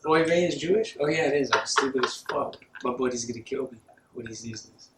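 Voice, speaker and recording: A man's voice: mid-range voice, fairly even intonation, quick pace, very noisy. A young man co-hosting a podcast, chatting loosely and swearing as he rambles. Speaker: podcast co-host. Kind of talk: casual stoned banter. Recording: echoey room.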